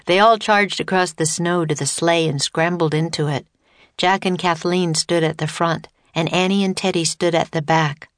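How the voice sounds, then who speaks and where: Woman narrator, children's audiobook, steady, dry booth sound. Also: on the low side, normal speed, no echo. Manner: clear, steady storytelling.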